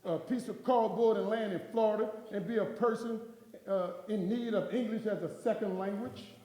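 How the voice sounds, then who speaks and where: High-voiced New man preaching. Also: normal speed, warm tone. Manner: storytelling, acts out dialogue, preaching cadence. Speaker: motivational speaker. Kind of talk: inspirational keynote speech. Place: large hall before a live audience. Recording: echoey hall from far off.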